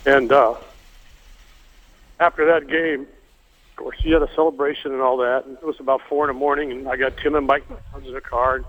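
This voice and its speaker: An older man recounts a personal family story in a halting, earnest way, full of fillers and restarts. His voice comes through a narrow, tinny phone line. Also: mid-range voice, little pitch movement. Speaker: guest telling a family story.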